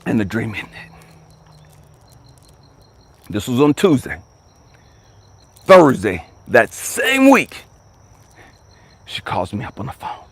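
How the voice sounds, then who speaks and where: A man, a life coach, telling a personal story dramatically, jumping from excited high bursts to hushed, whispery lows and urging listeners to stay with him. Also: slow, creaky, pauses often, husky. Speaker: life coach and motivational speaker.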